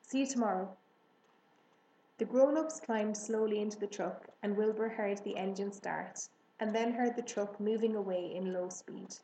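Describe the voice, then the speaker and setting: A woman narrating a children's storybook in a measured, gentle manner. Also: medium pitch. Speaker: audiobook reader. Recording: roomy echo, faint hiss.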